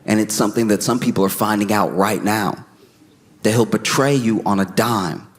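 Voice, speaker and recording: At an even, moderate clip, the man works through a comedy bit, keeping things animated and lively while jumping into high, pinched voices to play characters.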